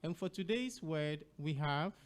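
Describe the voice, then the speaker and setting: A man with a Ghanaian English accent hosting an educational radio show, speaking slowly and deliberately and spelling words out letter by letter. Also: on the high side, expressive, a little hiss or hum.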